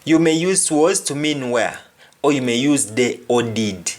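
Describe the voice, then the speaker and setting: Slow, deliberate male language teacher. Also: mid-range voice, expressive. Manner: deliberate, repeats each example phrase twice. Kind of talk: explanatory language lesson.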